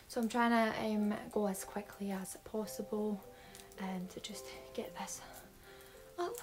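A woman's voice: a little high, steady tone, moderate pace, noisy background. A nineteen-year-old woman with a Scottish accent, chatting casually through a beauty haul with lots of um fillers. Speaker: beauty vlogger.

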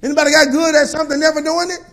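A man preaching a colloquial sermon in a church style, with call-and-response and shouted peaks. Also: extremely high pitch, flat delivery, rapid-fire, creaky. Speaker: pastor.

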